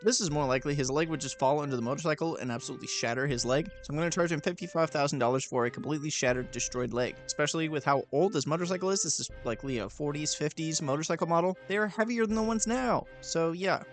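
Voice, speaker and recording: A young man doing voice-over commentary on a video game, sarcastic and deadpan, billing characters fake medical costs. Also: a little high, quick pace, few pauses, soft background music.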